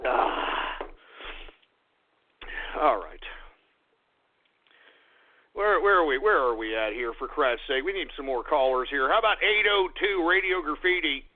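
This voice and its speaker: A man's voice: fairly high pitch, animated, unhurried, long pauses. A man hosting a call-in talk radio show, ranting and sarcastic, swearing often at his callers. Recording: tinny phone-like lo-fi audio.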